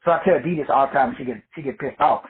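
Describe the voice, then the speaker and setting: A man's voice: mid-range voice, racing, breathy edge. A man teaching metaphysics in a casual, profane storytelling talk, looping back with stammered restarts. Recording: tinny phone-like lo-fi sound.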